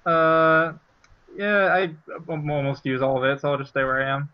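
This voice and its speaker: A man's voice: a little high, moderate pace, smooth, dry recording, lo-fi sound. A man playing a tabletop game, declaring his character's moves and calling out rolls in an easygoing way. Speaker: player. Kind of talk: casual tabletop game talk.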